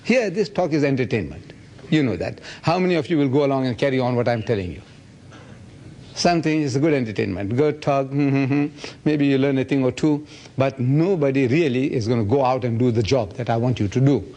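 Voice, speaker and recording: A man in his seventies giving a public lecture and answering audience questions, telling stories with lively energy. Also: a little fast. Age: 70s. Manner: animated storytelling, acts out others' voices with big pitch jumps.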